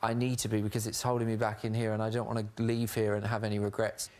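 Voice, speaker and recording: A man's voice: lowish voice, completely flat delivery, fast, a little mellow. A man housemate confiding in a casual chat, earnest and self-explaining, often restarting his sentences. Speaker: reality show housemate.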